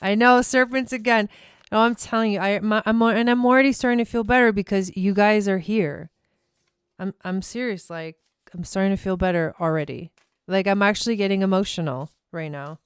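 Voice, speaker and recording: A woman's voice: medium pitch, brisk, clean tone, no echo, clean studio sound. A woman hosting a live tarot stream from home, chatting casually, swearing freely and laughing often. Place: her home.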